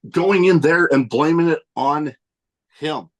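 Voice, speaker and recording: A man co-hosting a casual podcast chat, animated and swearing freely, a little out of breath. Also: on the high side. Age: adult with nieces and nephew. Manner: animated, swearing, quick asides. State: a little winded. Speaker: podcast co-host.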